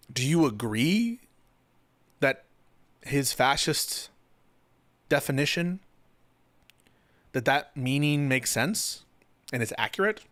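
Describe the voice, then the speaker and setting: A man's voice: mid-range voice, a bit bright, dry recording. A man hosting a live political stream who chats loosely with his audience, swears and jokes, then argues points in a debate. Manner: loose, profane, joking. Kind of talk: casual live-stream chat and debate commentary.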